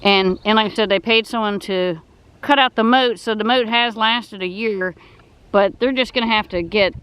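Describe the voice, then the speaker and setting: A woman's voice: medium pitch, moderate pace, a bit bright, clean tone, dry recording, low-quality recording. Chatty woman rambling on a nature walk. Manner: chatty, rambling, self-correcting. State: out of breath. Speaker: nature vlogger. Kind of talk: casual walking narration. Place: outdoors at a wildlife refuge pond.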